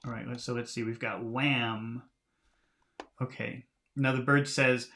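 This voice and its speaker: A man's voice: mid-range voice, steady tone, unhurried, fairly bright tone. A man teaching English, reading a storybook aloud and patiently explaining its words with small laughs, streaming live from home.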